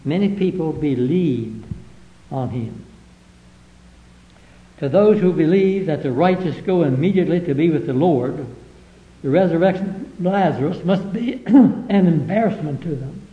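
Male preacher, higher-pitched voice, Bible-reading sermon delivery, echoey lo-fi recording. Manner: reads scripture aloud verse by verse, then explains it plainly; old-fashioned King James phrasing in quotes.

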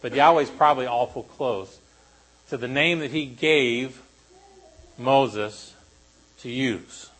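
A man delivers a sermon to his congregation in a mid-range voice. He moves between lively, raised emphasis and soft, solemn near-murmurs, and asks the room to respond. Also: mid-range voice, slow, pauses often, poor audio. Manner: animated preaching, dropping to quiet emphasis. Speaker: pastor.

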